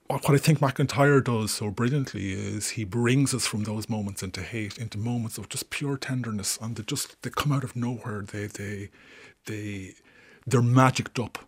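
A man's voice: fairly low pitch, breathy edge. A man, a theatre director speaking thoughtfully in a radio interview, with many restarts.

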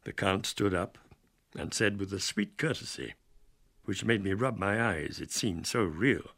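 A man reading an audiobook aloud with dramatic, measured storytelling. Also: fairly low pitch, animated, vocal fry, fairly bright tone. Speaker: narrator. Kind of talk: scripted audiobook narration.

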